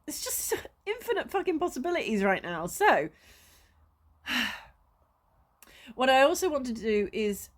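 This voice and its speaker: A woman, a spiritual coach, talking to camera in a casual vlog, passionate and emotional, laughing often and swearing freely. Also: medium pitch.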